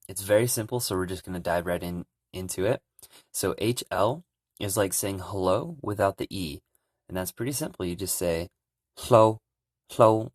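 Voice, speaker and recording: A young man giving a relaxed, casual language lesson, calmly explaining pronunciation. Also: low voice, no room sound, studio quality. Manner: relaxed, repeats sounds slowly and loudly to demonstrate. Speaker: language teacher.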